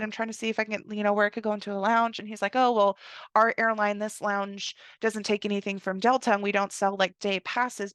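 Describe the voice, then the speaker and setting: A young woman hosting a podcast, telling a personal travel story in a chatty way, full of "like" and quick acted-out asides. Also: mid-range voice, no room sound, clean studio sound. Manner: chatty, heavy use of "like", animated quoted asides. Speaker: podcast host. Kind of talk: casual storytelling monologue.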